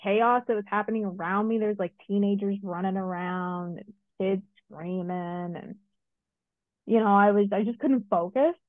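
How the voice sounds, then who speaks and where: A middle-aged woman co-hosting a podcast, telling a personal story in a casual, lively way with many asides. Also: medium pitch, moderate pace, no room sound. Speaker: podcast co-host. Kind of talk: casual chat. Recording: dry, phone-like narrow sound.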